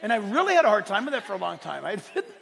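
A male pastor preaching a sermon, animated, swinging from loud exclaiming to quiet asides and laughing often. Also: high-pitched, very fast, vocal fry, some chatter behind, a little hiss or hum. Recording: long hall reverb.

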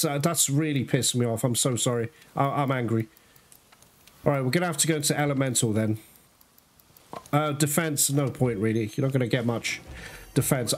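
Slightly high-voiced man gaming. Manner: chatty, talks to viewers, swears casually. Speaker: gamer playing through a game. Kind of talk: casual gameplay commentary.

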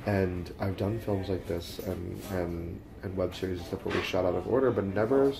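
A young man, an actor, chatting in a behind-the-scenes vlog from a film set, excitable at times and then quiet and reflective. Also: sits low, moderate pace, gravelly, a crowd in the background.

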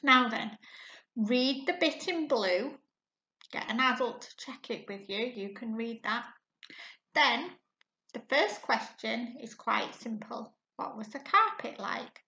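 A woman teacher guiding a reading lesson, asking her pupils questions patiently and often clearing her throat. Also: a little high, animated, bright, forceful tone. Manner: slow and patient, asks questions to the class. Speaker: primary school teacher. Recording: echoey room, dull lo-fi sound.

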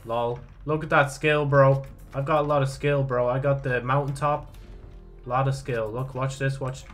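A man's voice: medium pitch, fairly even intonation, normal speed, faint music behind. A young man giving casual, swearing gameplay commentary, mocking himself and breaking into frustrated outbursts. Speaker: gaming YouTuber.

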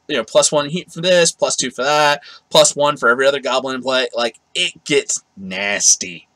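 A man's voice: mid-range voice, sharp tone, dry recording, poor audio. A man giving a casual, rambling card game review, often correcting himself and laughing.

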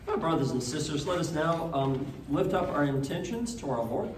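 Priest giving a homily in an echoey church. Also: male voice, fairly high pitch, expressive, normal speed, slight background noise. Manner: conversational, storytelling, with restarts. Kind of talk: homily at a school Mass.

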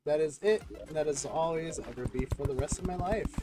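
High, excitable young man streaming a game. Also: fairly quick, hardly any pauses. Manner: goofy, excitable, yelps and laughs often. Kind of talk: casual gaming stream commentary. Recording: game music underneath.

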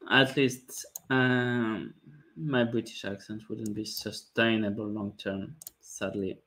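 A man, a chess grandmaster calmly thinking aloud about his moves during a live stream, with light jokes. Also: on the low side, takes it slowly. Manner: calm, thinking aloud move by move, light joking. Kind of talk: live-stream commentary on his own play.

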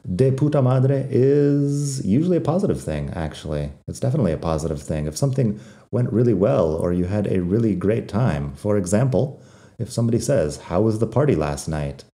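A man teaching Spanish slang in a relaxed, wry, conversational podcast lesson, with a non-native accent when he says the Spanish words. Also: lowish voice, fairly quick. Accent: non-native Spanish accent when speaking Spanish.

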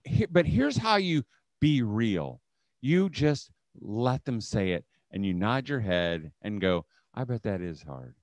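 He takes it slowly, his mid-range voice making big pitch swings in a dry recording. The middle-aged man's talk at a homeschool leaders' conference is conversational, with stories and quotes he acts out.

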